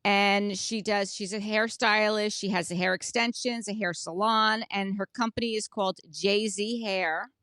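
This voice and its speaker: A woman's voice: mid-range voice, steady tone, measured pace, hardly any pauses, fairly bright tone, no room sound. Female podcast co-host, casual recap chatter, dry close sound. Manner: chatty, recounts details at length. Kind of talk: casual chat recapping a reality show.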